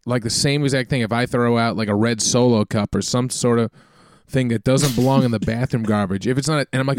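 A man's voice: mid-range voice, steady tone, a little fast, no room sound, clean studio sound. A man hosting a casual chat, laughing easily and trading a relatable story about his parents. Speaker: podcast host.

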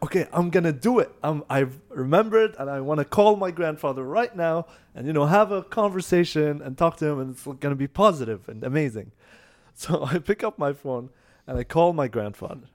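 A man's voice: a little high, normal speed. A young man telling a family story in casual chat, slipping in phrases. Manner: relaxed, mixes in Arabic phrases.

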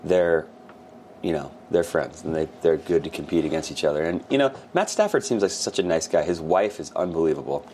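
A man with a very deep voice co-hosts a casual sports chat, rambling through his points with plenty of fillers. He gets animated when he imitates fans. Faint background noise runs under the recording. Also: a little fast. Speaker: sports podcast co-host.

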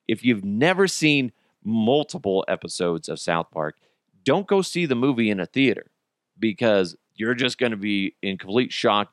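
Animated swearing male podcast host. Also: no room sound, studio quality. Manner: animated, swearing, laughing at his own stories, acts out bystanders in high voices. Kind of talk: casual solo podcast rant.

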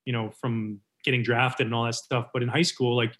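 A man in his forties from Canada, a former baseball pitcher telling stories as a guest, acting out the voices of the people in them. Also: a little fast. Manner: animated storyteller acting out quotes. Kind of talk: casual storytelling interview.

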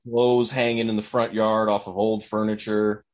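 A man in casual chat, telling an anecdote in an animated way and acting out the voices of people in it. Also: lowish voice, moderate pace. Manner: animated, acts out voices in his story. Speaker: storyteller.

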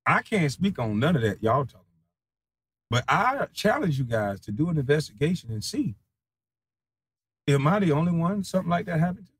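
A man in a heated, profane monologue, defiant and mocking, laughing scornfully and swinging between low mutters and loud taunts. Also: sing-song, a little fast, long pauses, breathy edge, no room sound. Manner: casual slang-heavy speech.

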